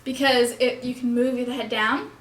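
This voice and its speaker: Speaking at a normal speed with fairly even intonation, a young woman walks through puppet technique in a hands-on lesson. Her pitch is fairly high and a bit bright, the room is echoey, and she sometimes halts to fix what she said.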